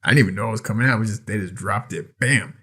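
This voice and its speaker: A man's voice: fairly low pitch, fast, fairly bright tone, breathy edge. A man co-hosting a casual podcast, bantering with dry sarcasm and casual swearing. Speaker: podcast co-host. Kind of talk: casual chat.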